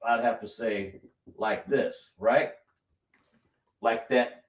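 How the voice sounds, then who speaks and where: Slow-talking man teaching in an echoey room. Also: mid-range voice, fairly even intonation. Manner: slow, repetitive explaining, checking the class often. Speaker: class teacher. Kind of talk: live classroom teaching. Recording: echoey room, dull lo-fi sound.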